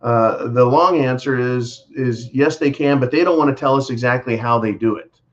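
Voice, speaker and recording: A man hosting a casual livestream, rambling along in a folksy way, full of "uh"s and restarts. His voice sits at an ordinary middle pitch. The stream audio is dull and lo-fi. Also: moderate pace. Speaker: livestream host reading super chats. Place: Texas.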